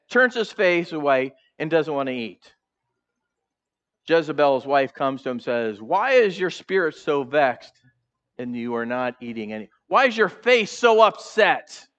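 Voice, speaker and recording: Animated man preaching a sermon. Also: a little high, normal speed, muffled recording. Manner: animated, acts out the characters' voices; asks the congregation questions. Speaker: pastor. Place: church sanctuary.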